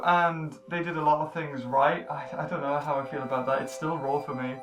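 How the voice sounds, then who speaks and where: A man hosting a casual movie review chat, excitable and tripping over his words. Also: fairly high pitch, brisk, soft background music. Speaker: channel host. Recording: echoey room, mic at a distance.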